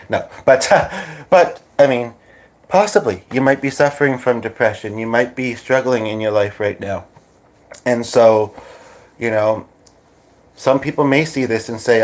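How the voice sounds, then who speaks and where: A man's voice: mid-range voice, unhurried, darkish tone, slight background noise. A man from Canada hosting a casual livestream chat, playful and chatty, slipping into little sung bits. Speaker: livestream host.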